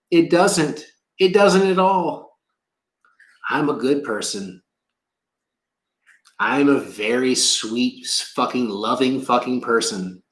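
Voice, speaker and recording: A man's voice: medium pitch, a bit bright, echoey room, low-quality recording. A man doing oracle card readings on his own channel, talking in an emotional, rambling way and swearing a lot. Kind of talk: casual livestream rant and card reading.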